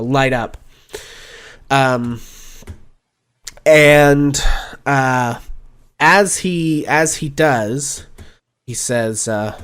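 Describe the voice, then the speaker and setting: Male game master, unhurried storyteller, relaxed and rambling. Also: mid-range voice. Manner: relaxed, halting, full of fillers and restarts. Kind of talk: narrating a tabletop game.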